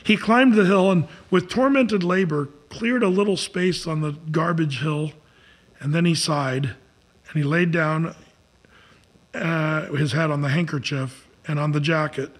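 A man's voice: fairly high pitch, measured pace. A man telling a story aloud in an earnest way, with small slips and restarts along the way.

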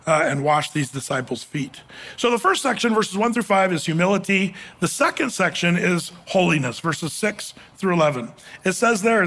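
Animated, high-voiced male preacher. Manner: animated, emphatic, chuckles often. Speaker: preacher teaching a Bible study. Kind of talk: sermon.

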